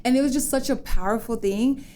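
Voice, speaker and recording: A woman in her thirties chatting as a podcast guest, telling animated stories and acting out the voices of people she quotes. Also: on the high side, brisk. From United States, Dominican parents. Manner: animated storyteller, acts out quoted voices, laughs often. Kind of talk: casual interview chat.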